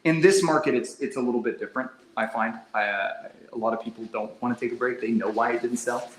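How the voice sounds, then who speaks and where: A man running a casual sales training session, energetic and quick to demonstrate phone scripts in an exaggerated tone. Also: medium pitch. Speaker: real estate sales trainer. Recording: echoey room, faint background hum.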